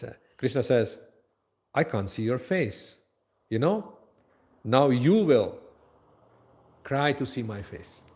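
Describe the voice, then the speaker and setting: Storytelling male temple lecturer. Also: medium pitch. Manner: animated storyteller, mixes Sanskrit and Hindi verses into English.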